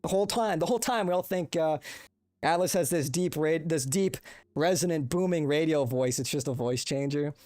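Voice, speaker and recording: The recording is dry, capturing a fairly high-pitched young man with a darkish tone and a moderate pace. As a casual livestream host, he rambles profanely and talks to his viewers through a desk microphone fed through a compressor.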